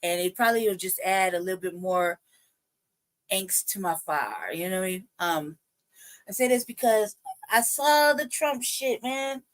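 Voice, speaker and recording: This livestream host swears and fumes through repetitive commentary, pausing her outbursts to try settling herself down. She speaks at a normal speed with a medium pitch.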